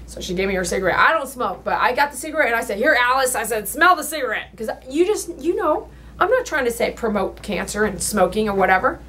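A woman who works as a dog groomer, telling a personal story in her salon while she works, rambling and emotional with sudden loud exclamations. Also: on the high side, sing-song, fast talker. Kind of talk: casual storytelling while working.

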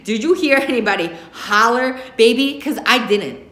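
A woman's voice: medium pitch, lively intonation, measured pace, pushed and bright. A woman reading an audiobook, voicing a strict father who mocks his daughter. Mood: mocking. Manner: mocking, dry. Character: sarcastic strict father, middle-aged. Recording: roomy echo.

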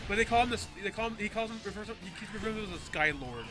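A young man casually commentating a video game with a friend, animated, laughing and swearing, now and then mimicking silly voices. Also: high voice, racing. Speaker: gameplay commentator. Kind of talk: casual chat over gameplay. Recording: game music behind. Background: game music.

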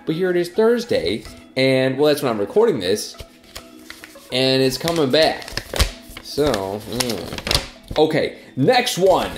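A young man vlogging about his fan mail with a stuffy nose from a cold, gushing with excitement. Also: medium pitch, takes it slowly, pauses often, roomy sound, soft background music. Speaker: YouTuber. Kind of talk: casual vlog reading fan mail.

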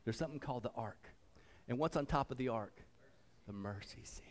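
Preaching at a fast clip in a medium-pitched voice, this male pastor alternates between booming fervor and quiet reverence. He repeats phrases and shouts "come on" to the congregation.

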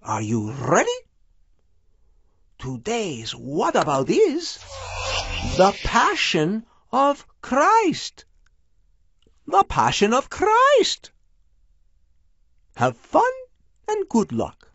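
A woman voicing a chipper male know-it-all dog puppet on a children's TV show, announcing slowly and showily. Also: mid-range voice, wildly swooping pitch, a bit bright, breathy edge, no room sound, full character voice. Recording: dry, dull lo-fi studio sound.

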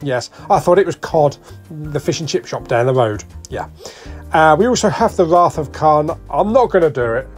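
Filming as he walks through a shop, a British vlogger gives a chatty, jokey, lively rundown of the discs on sale, ticking off titles and prices. His voice sits a little high at a moderate pace, with faint music in the background.

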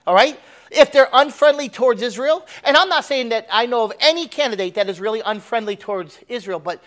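Animated preacher man. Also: brisk. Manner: animated, swings between loud emphatic and low asides. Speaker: pastor. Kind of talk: sermon.

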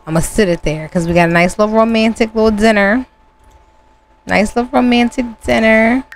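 A woman hosting a gaming channel, narrating her gameplay casually to viewers with sudden high exclamations. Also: steady tone, a little fast, faint music behind.

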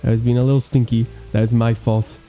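A man giving excitable, gushing gameplay commentary as he tours a game island, cracking playful puns. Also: medium pitch, fast talker, faint music behind. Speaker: gaming YouTuber touring an island.

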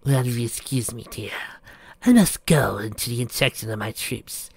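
A man voicing a smug, power-hungry prince, speaking soft and measured, a little below his own pitch. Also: creaky, breathy edge, no echo.

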